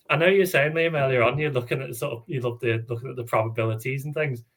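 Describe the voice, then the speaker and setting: A man co-hosting a casual fan podcast, talking in an animated way and laughing often. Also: medium pitch, quick pace. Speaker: podcast co-host. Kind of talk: casual chat.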